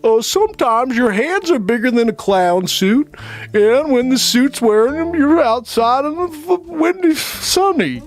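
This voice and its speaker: A man's voice: extremely high pitch, animated, measured pace. A man doing an impression of an older male TV advice doctor who speaks in grave, nonsensical riddles. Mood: solemn. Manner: grave, declaiming nonsense sayings.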